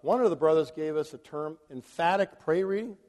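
Guy giving a sermon in a big hall, kinda high voice, chatty and chuckly, lots of reverb. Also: fairly quick, darkish tone. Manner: conversational, chuckles between points. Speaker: preacher. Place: large hall before a congregation.

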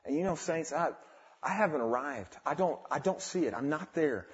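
Young guy preaching his testimony, high voice, swings quiet to loud, kinda muffled lo-fi. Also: lively intonation, moderate pace. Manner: fervent, swings from quiet to exclaiming. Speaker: speaker giving a testimony. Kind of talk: sermon testimony. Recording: dull lo-fi recording.

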